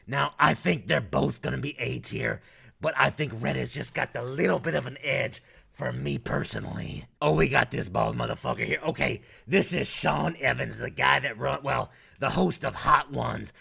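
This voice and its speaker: YouTuber, man from North Carolina, Southern accent, raspy fry-heavy voice, crude casual commentary. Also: mid-range voice, normal speed, sharp tone. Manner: crude, profane and blunt.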